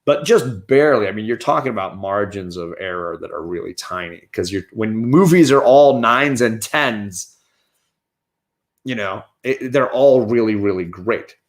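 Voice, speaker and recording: A man's voice: on the low side, lively intonation, normal speed. Chatty man reviewing movies casually. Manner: chatty, opinionated, restarts sentences often. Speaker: comic and movie reviewer, show host.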